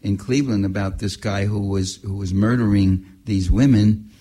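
An older man speaks in a husky, slightly low voice. He gives a public talk full of personal anecdotes and tells them with animation, laughing along at his own stories. His voice has a breathy, rough edge to it. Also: steady tone, normal speed, warm tone. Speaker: writer and activist speaker.

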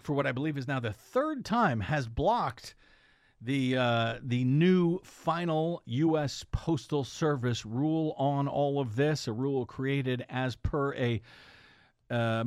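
A man hosting an opinionated political news commentary show, sarcastic and halting, with frequent "uh" fillers. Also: mid-range voice, no room sound, studio quality.

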